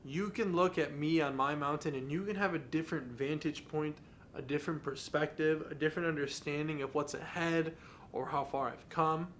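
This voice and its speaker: A man's voice: on the high side, steady tone, moderate pace, a bit bright, slight background noise. A young adult man hosting a podcast, talking in an earnest, candid and confessional way in a casual monologue. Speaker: podcast host.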